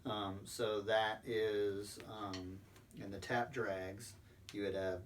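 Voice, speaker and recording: Low-voiced drum teacher, mic set far off. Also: male voice, little pitch movement, slow. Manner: patient, step-by-step explaining with frequent ums. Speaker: percussion instructor. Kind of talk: recorded instructional lesson. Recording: distant mic with faint background noise.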